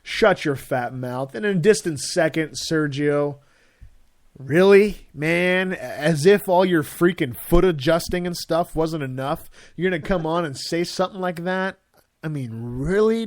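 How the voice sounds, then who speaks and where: Brief: man, a bit high-pitched, casual storytelling podcast co-host, dry close mic. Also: no room sound. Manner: loose storyteller, trailing off low. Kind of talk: casual sports talk.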